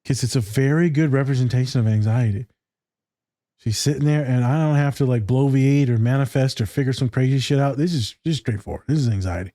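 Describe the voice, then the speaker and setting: A man's voice: medium pitch, fast, dark tone, no room sound, studio quality. A man co-hosting a casual podcast, blunt and joking, rambling through his points. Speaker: podcast co-host.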